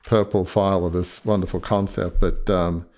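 A man with a fairly low voice hosts a conversational podcast interview. He speaks earnestly and with emphasis, circling back to stress what matters. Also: level tone, moderate pace, a little mellow. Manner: earnest, emphatic, repeats key points. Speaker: podcast host.

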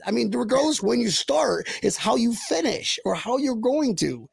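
Energetic, jokey male host, dry close mic, fry in the voice. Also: very high-pitched, normal speed, no echo. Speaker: podcast host. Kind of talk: live-stream podcast hosting.

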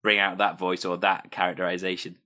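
A man's voice: sits low, level tone, brisk, pushed and bright. A man hosting an interview, asking chatty, fluent questions about improv and character work. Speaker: interviewer, host. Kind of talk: casual interview.

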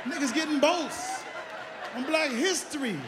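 Comedian from Chicago on a big stage: high, loud, animated delivery, roomy hall sound. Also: male voice, a little slow, a loud crowd, very noisy. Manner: loud, animated, shouts into character voices. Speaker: stand-up comedian. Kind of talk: stand-up comedy set. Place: large theater stage with audience.

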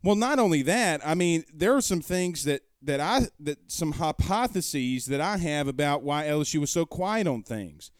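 A man's voice: a little high, expressive, normal speed, few pauses, no echo, clean studio sound. A man hosting a casual sports talk stream from home, arguing his points emphatically with rhetorical questions. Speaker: sports talk show host. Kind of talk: casual live-stream commentary. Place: home room.

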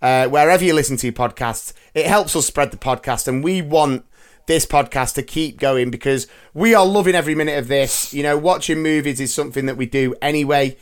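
Man, podcast host, upbeat, jokey, chatty, fairly high voice. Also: brisk. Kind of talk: casual chat.

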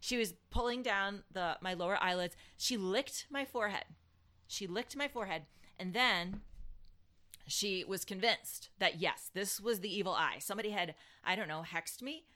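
A woman's voice: mid-range voice, moderate pace. A woman co-hosting a podcast, telling a family story in casual chat with lots of restarts. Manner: animated storyteller, many restarts and fillers. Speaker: podcast co-host.

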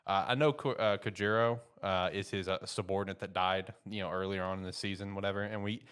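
Deep-voiced man rambling through an anime recap. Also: fairly quick, clean tone. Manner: rambling, animated storytelling with frequent fillers. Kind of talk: casual anime recap chat.

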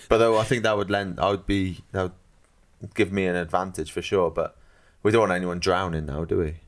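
A Welsh-accented man co-hosts a podcast in a low voice. He jokes around and laughs often in easy, casual chat. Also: fairly even intonation, moderate pace, long pauses. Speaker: podcast co-host.

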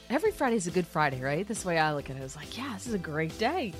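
A woman's voice: on the low side, sing-song, fast talker, hardly any pauses, faint music behind. A woman hosting a talk radio show, chatting in a loose, giggly way with lots of fillers. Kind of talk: casual talk radio chat.

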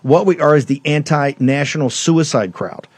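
A man's voice: on the high side, normal speed, slightly rough, no echo. A man hosting a political talk show, ranting emphatically and combatively, rambling with restarts. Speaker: show host.

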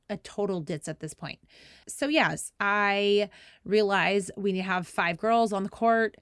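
A woman in her thirties hosting a podcast, telling a story in a lively, self-mocking way and acting out shouted lines. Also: medium pitch, clean tone, no room sound, clean studio sound. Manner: animated, self-deprecating, acts out shouted quotes. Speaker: podcast host. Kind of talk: casual storytelling.

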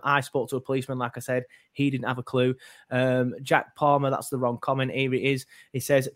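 A man hosts a casual fan podcast in a mid-range voice. He rambles, stops and restarts his sentences, and fills the gaps with ums. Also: medium pitch. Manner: rambling, hesitant, many fillers and restarts. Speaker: podcast host.

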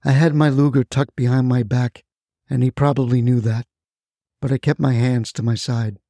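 A man narrating a first-person crime story in a terse, deadpan way. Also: mid-range voice, moderate pace, no room sound, clean studio sound.

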